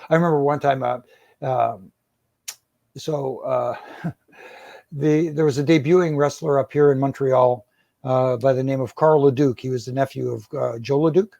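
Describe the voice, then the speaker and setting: A man's voice: mid-range voice, normal speed, vocal fry, darkish tone, no echo. A middle-aged man, a former wrestling referee, tells rambling stories in an interview, restarting his sentences and chuckling. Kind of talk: storytelling in an interview.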